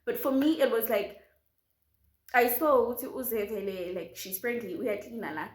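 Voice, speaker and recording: A young South African woman vlogger, telling a story with animated drama and switching quickly into isiZulu. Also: a little high. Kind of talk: storytime vlog. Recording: roomy echo.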